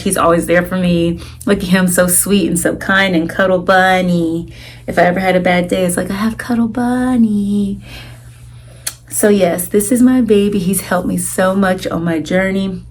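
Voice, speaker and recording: Chatty young woman telling a story. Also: fairly low pitch. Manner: chatty, animated retelling with lots of "like" and quoted dialogue. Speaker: vlogger. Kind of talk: casual storytelling to camera.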